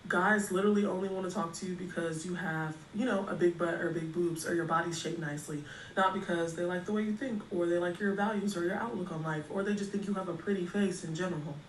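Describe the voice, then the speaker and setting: Woman, lowish pitch, blunt fed-up creator; far from mic, echoey room. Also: steady tone, fast. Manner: blunt, exasperated. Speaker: college student creator. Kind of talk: opinionated talk to camera. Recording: roomy, distant, faint noise.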